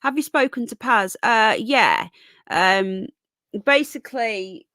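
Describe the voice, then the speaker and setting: A woman's voice: on the high side, slow, pushed and bright, slight background noise. A tired, yawning woman hosting a casual live stream, chatting and greeting viewers by name as darling and sweetheart. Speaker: livestream host.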